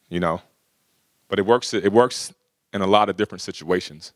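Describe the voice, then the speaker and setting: Low-voiced man telling stories to a room. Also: normal speed, dry recording, clean studio sound. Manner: conversational, frequent "you know" and "right?". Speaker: speaker at a workshop. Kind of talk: casual storytelling talk to an audience.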